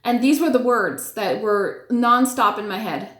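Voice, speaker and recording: A woman's voice: a little high, a little slow. A woman casually telling a personal story, full of "like" and "you know", acting out her own reactions as she goes. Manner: chatty, many "like" and "you know" fillers; animated retelling with acted-out reactions. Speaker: storyteller sharing personal spiritual experiences. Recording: echoey room.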